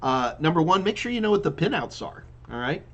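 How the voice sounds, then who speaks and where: A man's voice: on the high side, sing-song, brisk, highs cut off. Chatty man hosting a live tech Q&A. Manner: loose and chatty, with frequent restarts and fillers. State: yawning repeatedly. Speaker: live Q&A host and IT trainer. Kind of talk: casual live-stream Q&A, reading viewer questions.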